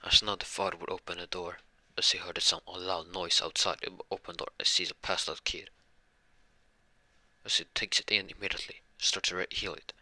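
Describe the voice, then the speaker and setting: Low-voiced man rambling through a story. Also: flat delivery, a little fast, pushed and bright, dry recording. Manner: rambling, many restarts and fillers. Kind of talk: improvised fan-fiction retelling.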